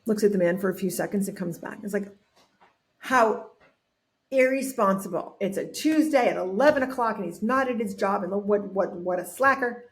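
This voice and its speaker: A woman guest on a podcast, telling an anecdote in an animated way, acting out what people said and often restarting her sentences. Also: medium pitch, normal speed. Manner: animated storyteller acting out quotes, frequent restarts. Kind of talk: storytelling in a podcast interview.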